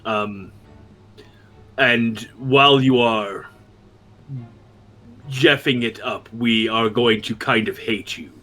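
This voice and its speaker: Hesitant man, slow unhurried delivery, tabletop game player, lots of ums. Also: mid-range voice, sharp tone, soft background music.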